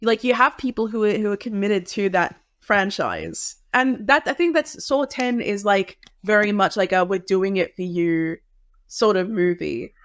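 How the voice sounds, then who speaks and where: Woman podcast guest, chatty and animated, filler-heavy, dry mic. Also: medium pitch, moderate pace, hardly any pauses, dry recording. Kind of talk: casual chat.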